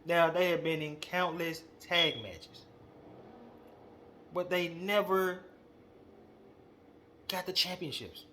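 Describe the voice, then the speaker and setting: A young man hosting a wrestling podcast, ranting in a casual, slangy, animated way and calling people out directly. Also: on the high side, slow, long pauses, a little hiss or hum. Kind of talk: casual opinion monologue.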